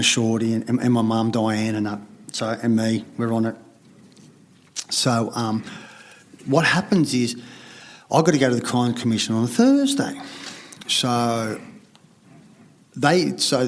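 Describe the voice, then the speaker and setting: With slight background noise behind him, a middle-aged man from Sydney, Australia, speaks in a medium-pitched voice as a podcast guest. He gets fired up telling a rambling, candid story, swearing heavily and acting out others' lines.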